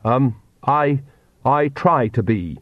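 A man's voice: medium pitch, big pitch swings, normal speed, no room sound, highs cut off. A man voicing a timid young priest who speaks hesitantly and politely.

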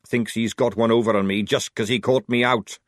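A man voicing a gruff, scheming old army sergeant who talks loudly and indignantly. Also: mid-range voice, steady tone, moderate pace, no echo, clean studio sound, close to an everyday voice. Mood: blustering. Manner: loud, blustering, indignant.

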